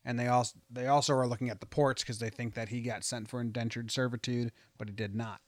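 A man's voice: medium pitch, steady tone, fast talker, dry recording. A man co-hosting a podcast, chatting casually and rambling about a TV show, laughing often. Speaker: podcast co-host.

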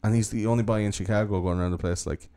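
A man's voice: on the low side, fairly even intonation, rapid-fire, dark tone. A man hosting a podcast, telling a true-crime story in a casual, profane, joking way. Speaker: podcast host.

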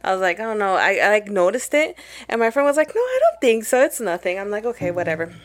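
A woman's voice: mid-range voice, lively intonation, fast talker. A young woman co-hosting a podcast, telling a story in casual chat with lots of swearing and Spanish phrases mixed in. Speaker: podcast co-host.

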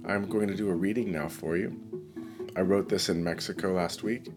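Solo podcast host, male, very low voice, unhurried and reflective, casual monologue. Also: music in the background. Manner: relaxed, reflective, with pauses and fillers. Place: New York City.

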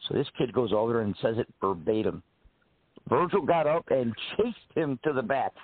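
A man's voice: medium pitch, normal speed, dry recording. A man telling backstage stories in a casual chat, acting out the people he quotes. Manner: animated storyteller acting out quotes. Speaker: podcast co-host, wrestling veteran. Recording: dry tinny call-quality sound.

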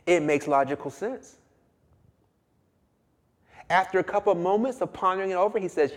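A man preaching a sermon, emphatic and drawn-out, telling a fable to make his point. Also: high voice. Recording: long hall reverb.

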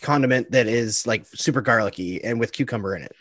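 A man's voice: medium pitch, fast talker, fairly bright tone, no room sound, studio quality. Easygoing Canadian man co-host. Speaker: podcast co-host. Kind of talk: casual chat.

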